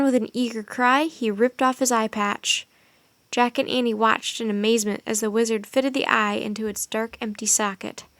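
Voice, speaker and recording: A woman's voice: fairly high pitch, no room sound. Woman reading a storybook aloud.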